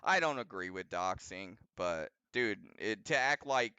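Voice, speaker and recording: A man's voice: fairly low pitch, animated, unhurried, bright, forceful tone, smooth, dry recording, muffled recording. A man chatting casually in a stream clip, defending a friend and mocking others. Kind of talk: casual chat.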